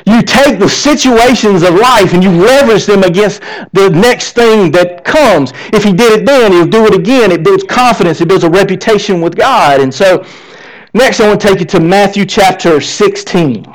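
High-voiced male pastor preaching. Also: normal speed, low-quality recording. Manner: preaching with rhetorical questions to the congregation. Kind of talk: sermon. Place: church.

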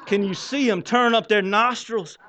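A man preaching a sermon as pastor, swinging from loud exclamations to hushed, drawn-out lines. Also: sits high, steady tone.

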